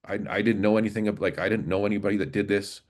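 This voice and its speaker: A man in his forties, a podcast guest and former police officer, telling his story in an earnest, halting way with many restarts. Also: lowish voice, steady tone. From Canada, Alberta. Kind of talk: casual storytelling interview.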